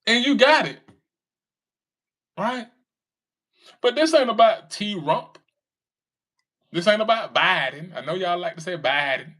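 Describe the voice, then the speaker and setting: A man talks back to his commenters, mocking them and laughing often. His voice sits a bit high and swings widely up and down as he teases. It is casual, taunting commentary. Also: lively intonation, unhurried, pauses often, a bit bright. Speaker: commentary streamer reading comments.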